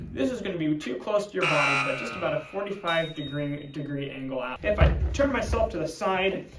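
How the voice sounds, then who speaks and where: A man's voice: fairly high pitch, recorded from a distance. A man, a music teacher, explaining step by step in an instructional video lesson. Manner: clear step-by-step demonstrating. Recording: roomy echo, from off-mic.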